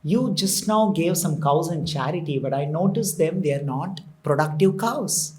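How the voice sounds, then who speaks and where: A man's voice: on the high side, lively intonation, normal speed, a little mellow, voice pushed down, close to an everyday voice. A man voicing an earnest, devout young boy within a retold scripture story.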